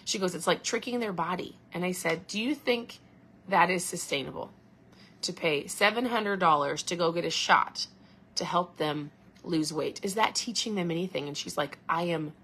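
A woman hosting a podcast who chats casually and quotes others in animated voices. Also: fairly low pitch, normal speed, a little hiss or hum. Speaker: podcast host. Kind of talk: casual live talk.

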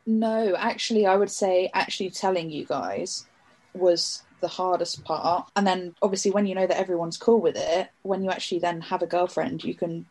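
A young woman in casual chat, talkative and quick to laugh, acting out the people she quotes. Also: on the low side, steady tone, a little mellow. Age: young adult. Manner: chatty, laughing often, acts out quoted voices.

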